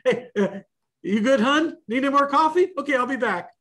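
A man's voice: very high-pitched, expressive, a little fast, a bit bright, voice pushed up, heavily acted. A man voicing a breezy, chatty diner waitress, talking over a video call. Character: chatty diner waitress, woman, middle-aged.

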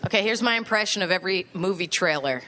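A woman's voice: mid-range voice, animated, quick pace. A woman comedian doing a self-deprecating, sardonic stand-up set on stage at a music venue. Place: large music venue before a live audience. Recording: live stage recording with loud crowd laughter and noise. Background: audience laughter and applause.

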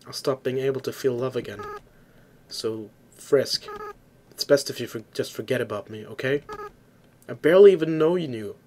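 A man reading game dialogue aloud as a remorseful young goat-monster boy, soft and halting. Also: medium pitch, slight background noise, close to an everyday voice. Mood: tender farewell. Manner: soft, halting, stumbling over words.

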